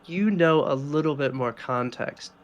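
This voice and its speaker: A man's voice: on the high side, a little slow. A man running a tabletop game as dungeon master, narrating casually with lots of fillers.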